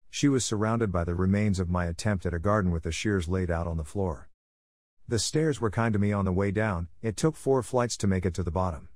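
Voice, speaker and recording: A man narrating horror stories from an online forum in a steady, even reading. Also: lowish voice, dry recording, studio quality. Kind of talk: scripted narration.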